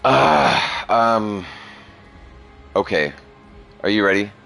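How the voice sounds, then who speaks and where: A young man with a low but bright, forceful voice that swings widely in pitch. He chats crudely and profanely, rambling and laughing, over faint background music. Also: expressive, drawn-out words, vocal fry. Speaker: streamer chatting with a young viewer. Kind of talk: casual chat.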